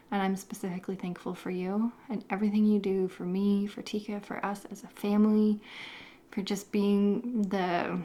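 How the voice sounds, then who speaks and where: A woman's voice: mid-range voice, level tone, normal speed, warm tone. A woman in her thirties talking to camera in a casual vlog, encouraging and a little rambling. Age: 30s. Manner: encouraging, rambling, talks in circles. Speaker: vlogger.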